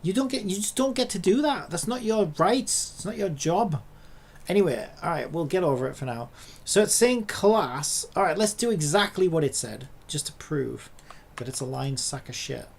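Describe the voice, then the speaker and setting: A man's voice: sits high, animated, moderate pace, gravelly, husky. A man in a casual coding vlog who swears and rants in exasperation at his screen. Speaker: hobby programmer.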